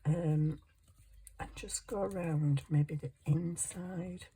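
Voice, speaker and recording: A woman's voice: on the low side, steady tone, slow, warm tone, a little hiss or hum. A woman chatting casually to viewers and herself as she works on a wire craft project. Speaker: craft vlogger. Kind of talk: casual chat while crafting.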